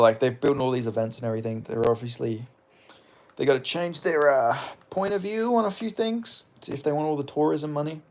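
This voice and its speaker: Speaking at medium pitch, a young Western Australian man livestreams a casual MMA chat, reading messages from viewers as he rambles. He swears plenty and fills his talk with filler words and chuckles.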